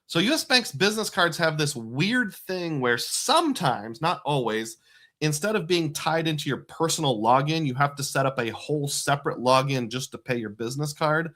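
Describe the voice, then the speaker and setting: A man's voice: fairly high pitch, animated, normal speed, fairly bright tone. A man hosting a casual livestream about credit cards and bank bonuses, talking in a chatty, rambling way with many asides. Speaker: personal finance host.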